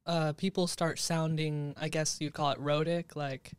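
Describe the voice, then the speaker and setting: A man's voice: fairly high pitch, little pitch movement, measured pace, clear, resonant tone, no room sound. An American man hosting a podcast, chatting casually and curiously, with lots of "like" fillers. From United States. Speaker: podcast host. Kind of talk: casual chat.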